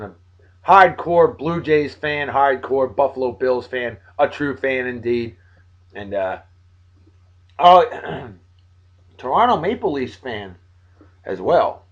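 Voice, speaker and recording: The recording is muffled. A weary video blogger in his forties makes friendly, jokey shout-outs to his friends, leaping from loud outbursts to quiet mumbling.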